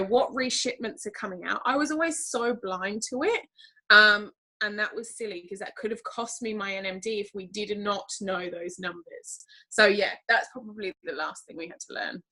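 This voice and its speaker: British woman being interviewed, bright voice, chatty and candid, lots of "you know". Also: fairly high pitch, poor audio. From Britain. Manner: chatty, candid and animated, many fillers. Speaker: interview guest, team leader. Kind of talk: casual interview talk.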